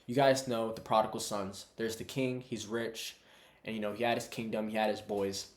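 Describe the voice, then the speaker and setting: A man's voice: fairly low pitch, flat delivery, moderate pace, roomy sound. A man giving a casual, conversational Bible teaching online and calling his viewers "bro". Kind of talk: casual preaching to camera.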